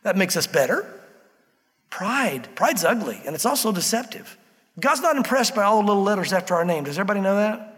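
A man's voice: high-pitched, lively intonation, fast talker, a bit bright, in a large hall. A man preaching a sermon to a congregation in a church, in a conversational style that slips into acted-out quotes. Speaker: pastor. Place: church sanctuary.

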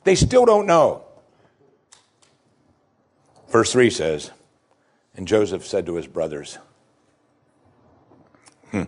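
A man preaching a sermon who tells the story dramatically, swinging from hushed to excited, and repeats key lines for emphasis. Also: low-pitched, slow, long pauses, breathy edge.

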